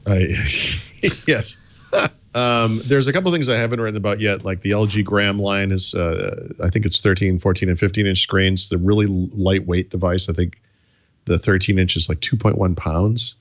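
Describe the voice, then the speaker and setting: A man's voice: low voice, moderate pace, fairly bright tone, no echo. A man, co-hosting a casual tech podcast in a matter-of-fact way, chuckling now and then. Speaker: co-host.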